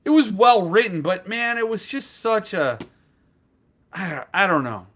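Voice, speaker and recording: A man's voice: high voice, sing-song, a little slow, a bit bright. A man hosting a casual live stream about books, rambling and joking as he reacts to chat comments. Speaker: booktuber host.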